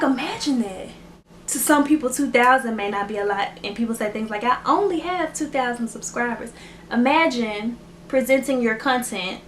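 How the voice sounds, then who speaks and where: A woman's voice: medium pitch, a bit bright, reverberant, slight background noise. A woman YouTuber, chatting emotionally and gratefully to camera in a casual vlog at home. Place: room at home lit by ring light.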